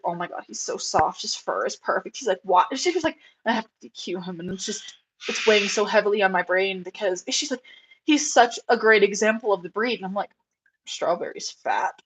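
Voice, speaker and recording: A young adult woman chatting casually on a live show, rambling and animated, with plenty of fillers and acted-out quotes. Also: mid-range voice, a little hiss or hum, low-quality recording. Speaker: rabbit breeder on a live show. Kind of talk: casual chat.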